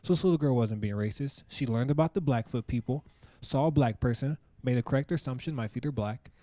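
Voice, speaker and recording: A man's voice: mid-range voice, noisy background. Chatty male stand-up comic on stage. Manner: conversational, rapid asides with you know and like. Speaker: stand-up comedian. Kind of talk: stand-up comedy set. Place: comedy stage before a live audience.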